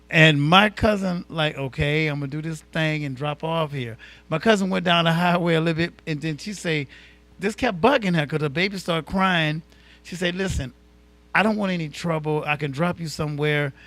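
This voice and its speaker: A male talk show co-host telling a story in an animated, colloquial way. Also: on the high side.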